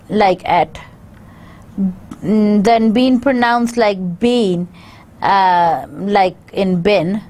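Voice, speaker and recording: A woman university lecturer, reading through slides in a halting way with frequent filler pauses. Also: mid-range voice, a little mellow. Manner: halting, many filler pauses, reads out word lists.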